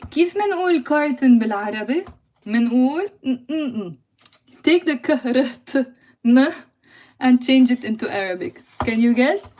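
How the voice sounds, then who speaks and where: A woman's voice: sits high, expressive, fairly quick, a little mellow. A young woman with a Lebanese accent teaches a live language lesson, quizzing viewers and moving between Arabic and English.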